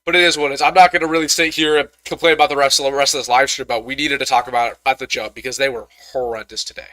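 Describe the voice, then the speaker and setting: A man's voice: mid-range voice, steady tone, very fast, sharp tone, no echo. A young man hosting a live postgame football reaction stream, talking in a frustrated, ranting way with stammered restarts. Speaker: sports commentator host.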